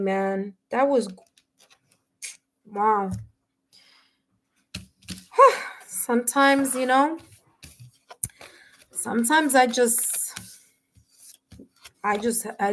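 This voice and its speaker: A woman reading tarot live for her viewers, talking warmly and emotionally, with many fillers and restarts. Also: fairly high pitch, very slow, long pauses. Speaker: tarot reader and medium. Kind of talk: live-stream reading, casual chat with viewers.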